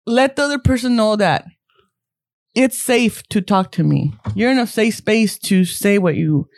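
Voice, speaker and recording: A woman's voice: medium pitch, a little slow, dry recording, clean studio sound. A woman co-hosting a casual podcast, mixing English and Spanish and acting out quotes with swearing. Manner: animated, mixes English and Spanish, acts out quotes. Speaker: guest co-host.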